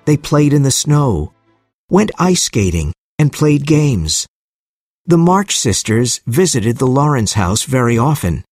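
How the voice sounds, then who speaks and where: A man narrating a simple storybook in a clear, measured reading voice. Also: mid-range voice, a little mellow, no room sound, clean studio sound.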